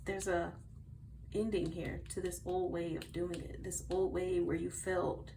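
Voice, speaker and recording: Woman doing a tarot reading for her channel, chatty, goes soft then loud, faint hiss behind. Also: on the low side, flat delivery, unhurried, creaky. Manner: chatty, bursts into giggles, shifts from soft murmurs to loud outbursts. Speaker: tarot reader. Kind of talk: casual tarot reading chat.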